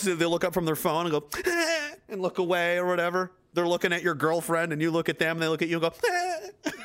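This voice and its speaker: A man's voice: fairly high pitch, a bit bright. A man hosting a casual livestream, reading chat, rambling and profane and laughing often.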